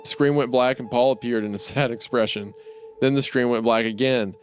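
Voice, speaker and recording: A man's voice: mid-range voice, steady tone, brisk, faint music behind. A young man on a comedy podcast, reading a creepy story aloud and often laughing partway through his sentences. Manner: laughs often, breaks into giggles mid-sentence. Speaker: podcast co-host.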